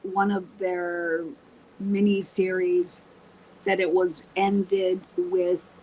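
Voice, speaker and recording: An American woman in her fifties, a guest on a livestream, speaking slowly and with hesitation. Her voice is somewhat low, and faint noise hums behind her. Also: level tone, dark tone, rough recording. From United States. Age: 50s. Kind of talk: casual panel chat.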